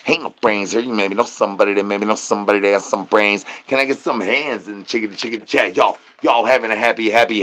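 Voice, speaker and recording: A man rambling through a live-stream chat, chanting nonsense rhymes and catchphrases with sudden high-pitched outbursts. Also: a bit bright.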